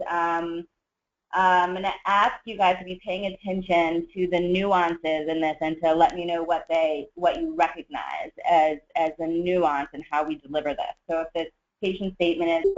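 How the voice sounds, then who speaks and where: Trainer leading a webinar; calm explanatory delivery, average pitch, dull lo-fi audio. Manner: measured, explanatory, with frequent fillers. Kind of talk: webinar teaching.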